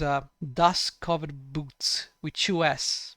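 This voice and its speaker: A man's voice: a little high, a little slow, vocal fry, a bit bright, dry recording, clean studio sound. A man giving ranting gameplay commentary, exasperated and sarcastic, swearing often. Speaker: let's play gamer.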